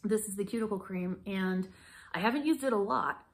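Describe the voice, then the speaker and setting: A woman in her forties chats her way through a casual product review. She rambles, pokes fun at herself and laughs often, in a voice of ordinary middle pitch. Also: a little fast. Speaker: beauty vlogger.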